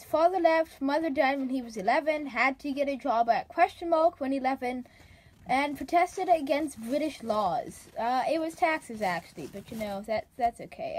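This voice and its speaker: Sarcastic high-voiced woman reading feedback. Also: darkish tone. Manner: dry sarcastic, sounds out misspellings. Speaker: comedy vlogger.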